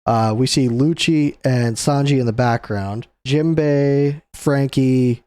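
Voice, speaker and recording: A man's voice: medium pitch, slow pace, mellow, smooth, no room sound. A young adult man hosting a casual comic chapter recap, talking loosely and chuckling often. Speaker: host.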